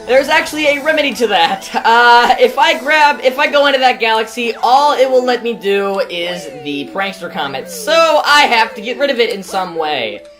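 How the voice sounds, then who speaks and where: A woman's voice: a little high, lively intonation, moderate pace, hardly any pauses, a bit bright, low-quality recording. A woman hosting a let's play, chatting casually about the game as she plays and swearing now and then. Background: game music.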